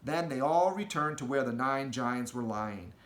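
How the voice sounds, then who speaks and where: A man reading a children's storybook aloud with an expressive, storytelling delivery, in an echoey room. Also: mid-range voice, moderate pace. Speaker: audiobook reader.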